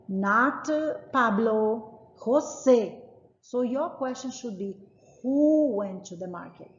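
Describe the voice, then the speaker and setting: A woman teacher walks through grammar examples with patient emphasis, repeating each point. Her voice rings in a roomy space with a long, hanging reverb. The sound is dull and lo-fi. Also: medium pitch. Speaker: Spanish teacher. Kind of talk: classroom lesson explaining grammar.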